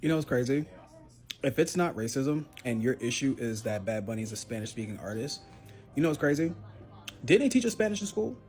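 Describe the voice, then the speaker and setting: A man's voice: mid-range voice, expressive, a little fast, darkish tone, faint music behind. A married man teasing his audience in a joking opinion video. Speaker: commentator.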